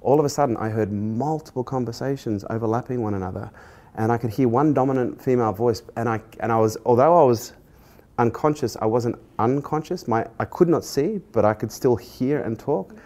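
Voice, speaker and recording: A middle-aged man, a podcast host, speaks at an ordinary medium pitch. He tells a personal story earnestly to his guest and grows animated as he recounts it. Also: brisk. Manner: earnest, animated when retelling dialogue, laughs at himself.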